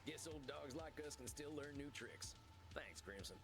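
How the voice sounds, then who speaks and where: An actor playing a weary, reflective cowboy vampire, talking in a folksy, laid-back over game music. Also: male voice, medium pitch, expressive, normal speed, natural voice. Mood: musing.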